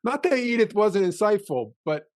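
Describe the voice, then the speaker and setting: A man's voice: high voice, sing-song, normal speed, a little mellow, smooth, dry recording, studio quality. A man co-hosting a podcast, speaking emphatically about classic television and addressing listeners directly. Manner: emphatic, talks straight to listeners. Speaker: podcast co-host. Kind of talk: casual classic-TV chat.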